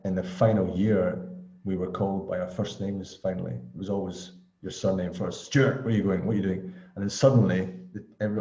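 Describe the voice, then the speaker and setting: Gravelly deep-voiced Scottish man. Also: warm tone. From Scotland. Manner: reflective, rambling, chuckles often. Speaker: study group participant. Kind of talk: casual chat. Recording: echoey, dull lo-fi room audio.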